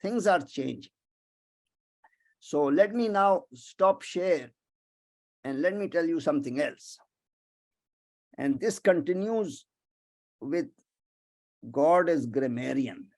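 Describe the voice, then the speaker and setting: A man giving a webinar lecture as a visiting professor, emphatic, animated and prone to digressions, over a video call. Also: fairly high pitch, slow pace, pauses often.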